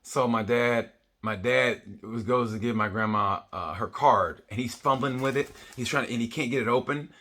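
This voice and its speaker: A middle-aged man rambling through a comedic race review. He is blunt and profane, with a bright, forward tone. His voice sits at an everyday middle pitch. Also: moderate pace. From United States. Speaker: motorsport vlogger.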